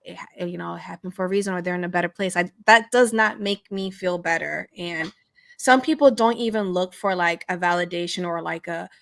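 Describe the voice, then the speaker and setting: A woman's voice: lowish voice, a little fast, gravelly, fairly bright tone, dry recording, studio quality. A woman co-hosting a casual podcast chat, earnest and slangy with plenty of fillers. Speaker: podcast co-host.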